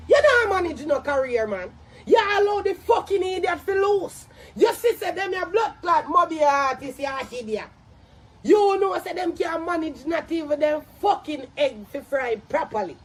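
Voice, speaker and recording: High-pitched Jamaican woman ranting, loud scolding commentary, profane, shouts often.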